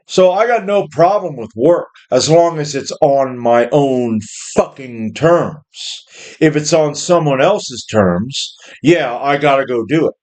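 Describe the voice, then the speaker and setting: A man's voice: mid-range voice, expressive, slow, darkish tone. A middle-aged man ranting angrily about his job and the system, profane and rambling. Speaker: worker ranting about jobs. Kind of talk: angry monologue rant.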